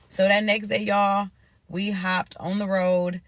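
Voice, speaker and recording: A young woman from Nebraska telling a story to her viewers in a casual, animated, profane way. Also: mid-range voice, a little slow, no echo. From Omaha, Nebraska.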